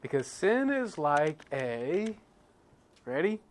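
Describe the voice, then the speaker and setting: A man preaching a sermon in a conversational way, often checking in with his listeners and swinging between quiet, heavy moments and louder, emphatic ones. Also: a little high, big pitch swings, slow pace. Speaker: pastor.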